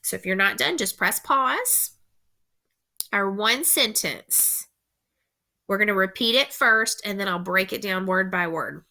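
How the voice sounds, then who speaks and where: At medium pitch, her tone pushed and bright, a woman teacher slowly dictates spelling words to young learners. Each word gets repeated, and her instructions are careful and deliberate.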